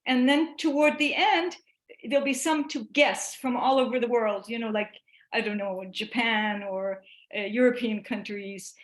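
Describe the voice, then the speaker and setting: A woman giving a chatty online talk to teachers, animated and given to restarts. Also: on the high side, moderate pace, echoey room. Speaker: presenter.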